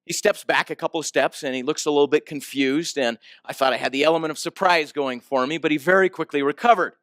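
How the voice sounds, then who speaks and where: A man's voice: fairly high pitch, quick pace, no echo, studio quality. A man giving a storytelling talk, asking the audience questions and acting out the people in his story. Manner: animated storyteller, asks the audience questions, acts out quoted voices. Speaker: speaker.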